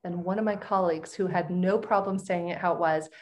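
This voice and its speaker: A woman's voice: on the low side, brisk. Middle-aged woman on a podcast, telling her story with lots of feeling, laughs a lot. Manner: animated, expressive storyteller who laughs often. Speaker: podcast guest. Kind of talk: personal storytelling in conversation.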